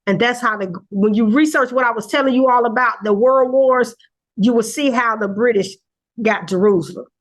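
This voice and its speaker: An older woman gives an informal teaching. Her delivery is earnest and rambling, full of pauses and self-corrections. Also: fairly high pitch. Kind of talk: casual teaching talk.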